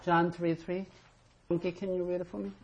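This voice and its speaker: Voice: mid-range voice, level tone, moderate pace, husky, dull audio. A Bible study teacher leading an interactive class, calling on members to read verses aloud and stressing key words with emphatic repetition.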